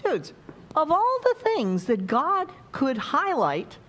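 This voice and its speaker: Lively, slow-talking woman preacher. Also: high-pitched. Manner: playful, chatty preaching with acted-out quotes. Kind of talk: sermon. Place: church.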